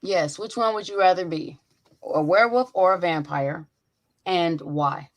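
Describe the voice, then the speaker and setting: Young woman host, brash and lively, cursing through casual stories on a video call. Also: on the low side, measured pace. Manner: animated, profane storytelling. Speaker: podcast host. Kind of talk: casual chat.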